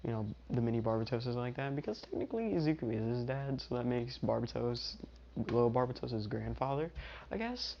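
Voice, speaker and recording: A man's voice: medium pitch, lively intonation, fairly quick, gravelly, a little mellow, slight background noise. A young man casually telling a fan-made story, rambling along with restarts and "you know"s, on a dull lo-fi recording. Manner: rambling, lots of fillers and restarts.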